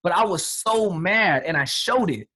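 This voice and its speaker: A man in his thirties telling a motivational life story, energetic and repetitive, often acting out what others said. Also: sits high, unhurried. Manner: energetic, repetitive, quotes people in acted voices. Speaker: guest speaker.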